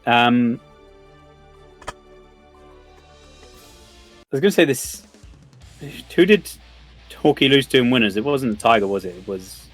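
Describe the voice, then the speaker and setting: A man giving relaxed, chatty live commentary on a fighting game tournament. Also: mid-range voice, unhurried, pauses often, faint music behind. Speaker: esports commentator.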